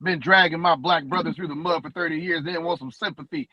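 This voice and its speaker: A man's voice: on the high side, steady tone, fast, no echo, lo-fi sound. A man co-hosting a podcast, boasting and mocking in brash banter, repeating his words. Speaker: podcast co-host. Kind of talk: brash trash-talking banter.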